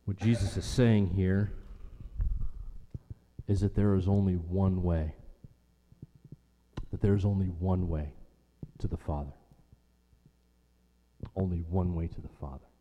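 A man preaching a sermon in a slow, unhurried way, with a warm, mellow voice. He asks his audience questions and answers them himself. His voice trails off into the long reverb of a big hall. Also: low voice, steady tone, muffled recording, a little hiss or hum.

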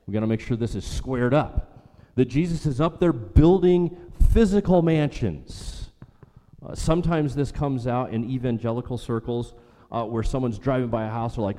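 A man preaching a sermon earnestly, repeating phrases for emphasis and slowing down on key lines. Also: mid-range voice, mellow. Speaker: pastor. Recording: long hall reverb.

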